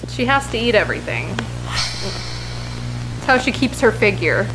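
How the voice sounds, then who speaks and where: A young woman in her twenties chatting excitedly in a casual vlog about her own videos. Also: medium pitch, slow, music in the background.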